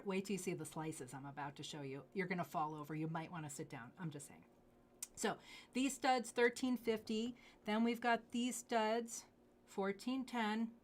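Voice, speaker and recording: A woman hosting a live jewelry sales show, gushing over pieces and dropping into hushed asides. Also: mid-range voice, a little hiss or hum. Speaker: jewelry live-stream host.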